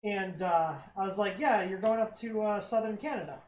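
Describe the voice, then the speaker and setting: A man's voice: sits high, a little fast. An American man hosting a livestream, chatting casually and teasing with frequent laughs. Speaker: livestream host. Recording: roomy echo, faint background noise.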